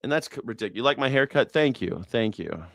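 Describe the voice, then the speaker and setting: A man's voice: medium pitch, expressive, brisk, creaky, a bit bright, dry recording, studio quality. A man hosting a news reaction show, talking in a casual, profane and sarcastic rant. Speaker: host.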